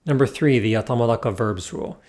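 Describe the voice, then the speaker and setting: A man delivers a scripted language lesson in an even, mid-pitched voice. He works through the rules in numbered points with a calm, methodical manner. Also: fast talker. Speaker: language teacher.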